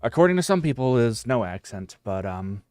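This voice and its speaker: A man's voice: medium pitch, very animated, moderate pace, a little mellow, no echo, studio quality, faint music behind. Rambling West Coast American man. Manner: rambling, many fillers and restarts. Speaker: streamer. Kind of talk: casual chat.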